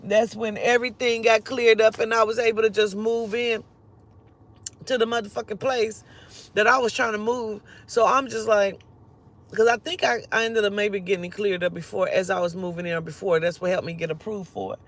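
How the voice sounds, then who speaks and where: A woman telling a personal story in a casual, animated and profane way, acting out the other people's lines as she goes. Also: mid-range voice, moderate pace.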